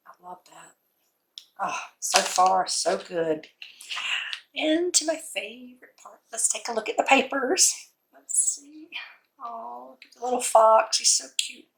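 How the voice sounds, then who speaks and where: A woman chats through a craft unboxing, cooing and gushing at every item. Her voice is gravelly and a bit hoarse, like it is going. She talks slowly, and a steady noise sits under the recording. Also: on the high side, poor audio. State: losing her voice. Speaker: craft vlogger unboxing a scrapbook kit. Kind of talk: casual unboxing commentary.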